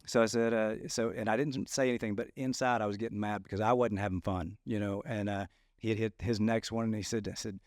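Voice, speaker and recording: A man co-hosting a podcast, telling a story in a halting way, repeating words and laughing as he goes. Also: fairly low pitch, steady tone, no echo, studio quality. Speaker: podcast co-host. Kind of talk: casual storytelling chat.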